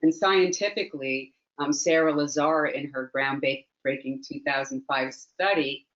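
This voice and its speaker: A woman's voice: low voice, fairly even intonation, measured pace, fairly bright tone, muffled recording. A woman mindfulness teacher, a guest in a conversational interview, speaking earnestly and reflectively and repeating phrases for emphasis.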